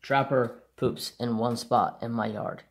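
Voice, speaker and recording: A man who hosts a crafts channel, casually chatting and rambling about his dogs in an unhurried way. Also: medium pitch, steady tone. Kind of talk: casual chat.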